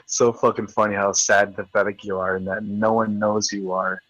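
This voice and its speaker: A man's voice: fairly low pitch, little pitch movement, a little fast, fairly bright tone, lo-fi sound. Profane, taunting male stream host. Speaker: livestream host. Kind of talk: ranting live video chat.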